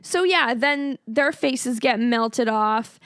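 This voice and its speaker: A woman with a Canadian accent co-hosting a podcast, chatty and agreeable, quick to laugh. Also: on the high side, fairly bright tone, clear, resonant tone, no room sound, clean studio sound. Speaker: podcast co-host. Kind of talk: casual chat.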